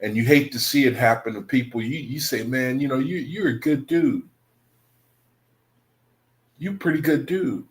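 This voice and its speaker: A man's voice: medium pitch, normal speed, long pauses. Man, livestream host, casual rambling talk, repeats himself, addresses brethren. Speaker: host of an online study group.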